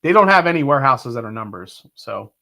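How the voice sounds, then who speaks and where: A man's voice: medium pitch, sing-song, brisk, vocal fry, sharp tone. A middle-aged man hosting a casual livestream tasting, talking enthusiastically and rambling as he reads viewers' comments aloud. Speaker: livestream whiskey reviewer.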